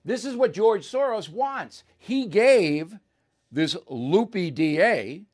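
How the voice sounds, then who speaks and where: A man's voice: high-pitched, very animated, slow pace, a little mellow. A male host talks in a slightly raised register. He delivers blunt, combative commentary and breaks into mocking asides. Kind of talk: opinionated commentary.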